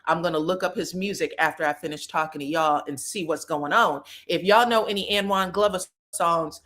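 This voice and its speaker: Chatty woman hosting gossip commentary. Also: mid-range voice. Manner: chatty, animated, addresses viewers as y'all. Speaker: commentary host. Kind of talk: casual pop-culture commentary.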